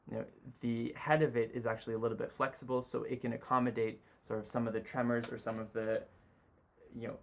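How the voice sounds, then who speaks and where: A man teaching sketching, talking through a drawing as he makes it, relaxed and full of "you know" fillers. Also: medium pitch. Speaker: design tutor. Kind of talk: sketching demonstration.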